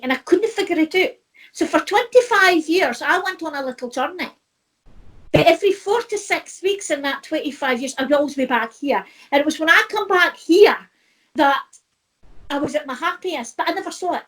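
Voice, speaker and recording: Scottish woman, middle-aged, high voice, rambling personal story, heartfelt. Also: animated, a little fast, fairly bright tone. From Scotland. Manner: heartfelt, rambling, restarts often. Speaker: spiritual medium.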